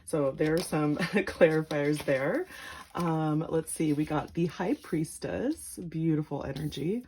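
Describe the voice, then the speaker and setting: A woman's voice: sits low, slow, a little mellow, a little hiss or hum. Chatty giggly young woman reading tarot. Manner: chatty, giggly, upbeat, often says "like". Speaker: tarot reader. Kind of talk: casual pick-a-card tarot reading.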